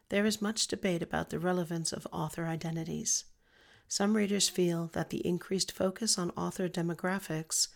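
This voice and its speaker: A woman reading an informational text in a scripted, even, list-like way. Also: on the low side, gravelly.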